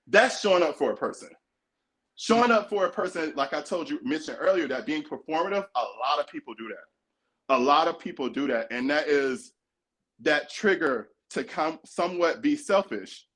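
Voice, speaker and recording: A man's voice: on the high side, expressive, normal speed, fairly bright tone. A man co-hosting a podcast, talking earnestly and emphatically in casual chat. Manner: earnest, emphatic, acts out quoted voices. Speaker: podcast co-host.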